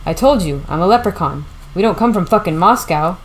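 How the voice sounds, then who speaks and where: A woman reading the lines of a crude, half-drunk bearded male leprechaun in an audiobook, brash and rough. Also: on the low side, animated, a little fast, slight background noise, natural voice, poor audio.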